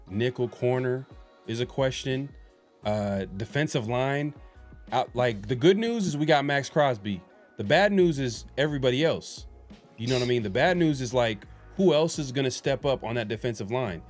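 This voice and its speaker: A man in the middle of a casual sports podcast conversation, mid-range in pitch. He talks in a loose, rambling way, full of fillers and false starts. Faint music plays underneath. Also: lively intonation, normal speed. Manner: rambling, hesitant, many fillers and restarts. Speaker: podcast host.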